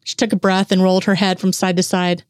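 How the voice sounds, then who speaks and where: A woman reading fan fiction aloud in a steady, even storytelling way, close to the mic. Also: fairly low pitch, fast talker, clean tone, no room sound. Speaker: reader.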